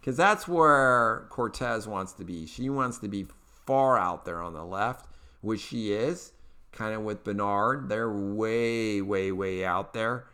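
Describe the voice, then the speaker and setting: A man's voice: on the low side, slow pace, pushed and bright, clear, resonant tone. A man from Eastern Kentucky with a Kentucky accent, hosting his own podcast in a chatty, folksy, upbeat way with plenty of fillers. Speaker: podcast host. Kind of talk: casual political commentary.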